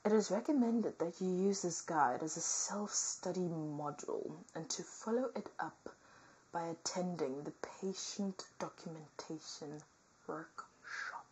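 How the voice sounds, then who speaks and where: A woman reading a nursing workbook aloud as comedy, with theatrical asides that swing between whispers and loud outbursts. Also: fairly low pitch, measured pace, husky, low-quality recording.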